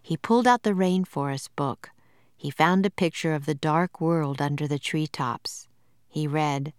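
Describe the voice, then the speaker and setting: Woman, storybook narrator, slow and measured, lowish voice, dry sound. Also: smooth, no room sound. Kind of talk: children's storybook reading.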